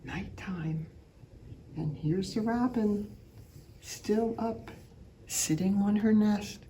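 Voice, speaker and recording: A woman reading a picture book aloud to children, telling the story with animation and imitating bird calls in high, loud chirps. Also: takes it slowly, long pauses, slight background noise. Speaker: children's art program teacher reading aloud.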